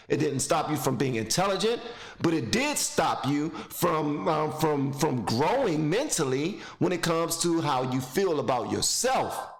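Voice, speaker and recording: A man's voice: high voice, roomy sound. A man giving blunt, mocking casual commentary while reacting to a video clip, rambling into stories.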